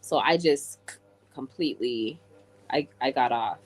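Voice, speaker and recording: A woman's voice: extremely low pitch, a little slow, husky, faint music behind. A woman from England chatting casually with viewers on a livestream and answering their comments. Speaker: live streamer.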